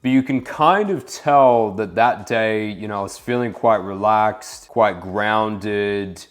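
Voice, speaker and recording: A young man giving a relaxed, casual voice-over about dating, full of fillers like "kind of". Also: on the low side, slow pace. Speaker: dating coach. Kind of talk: voice-over commentary on infield footage.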